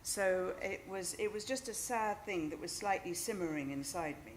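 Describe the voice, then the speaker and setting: A woman's voice: on the low side, lively intonation, moderate pace, slight background noise. A middle-aged woman with a British English accent, telling a self-deprecating anecdote live on stage into a microphone. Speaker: novelist. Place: stage of a small club venue.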